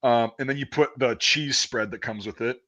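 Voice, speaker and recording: A man's voice: medium pitch, normal speed, bright, forceful tone. A man chatting casually as a podcast host, telling profane army training stories with lots of swearing. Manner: profane, storytelling, acts out a drill sergeant. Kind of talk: casual chat about army basic training.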